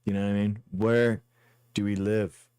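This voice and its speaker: A man's voice: fairly low pitch, flat delivery, moderate pace, darkish tone, clean tone, dry recording. A man streaming a guessing game live, rambling and thinking aloud as he plays. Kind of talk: casual live game commentary.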